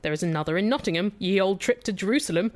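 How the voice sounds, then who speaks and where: A woman co-hosting a podcast, reading out listener questions in a relaxed, chatty way and laughing easily. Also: medium pitch, fast talker. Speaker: podcast co-host. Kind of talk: casual chat.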